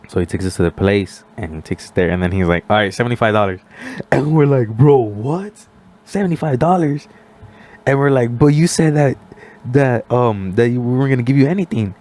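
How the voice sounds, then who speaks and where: A young man on a casual podcast, telling a story with lots of "like" and acting out what other people said. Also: low voice. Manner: animated storyteller, acts out quoted voices, many "like" fillers. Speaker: podcast guest.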